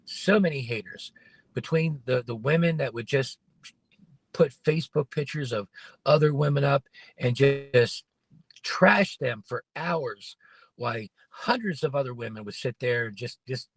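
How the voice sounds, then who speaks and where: A man's voice: medium pitch, a little slow, breathy edge, dry recording. A man hosting a casual livestream from his parked car, rambling and opinionated with many restarts. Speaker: livestream host.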